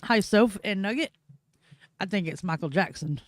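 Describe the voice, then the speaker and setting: A man putting on a high, soft falsetto voice for a teasing female viewer during live stream banter, giggly in manner. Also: expressive, moderate pace, dry recording, clean studio sound. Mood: playful teasing.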